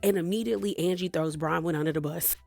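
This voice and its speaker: A woman's voice: fairly low pitch, quick pace, vocal fry, a little mellow, no room sound, soft background music. A woman recapping a reality TV episode in a chatty, gossipy way, laughing often and acting out what the cast said. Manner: chatty, gossipy, laughs often, retells scenes in character voices. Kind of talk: casual episode recap commentary.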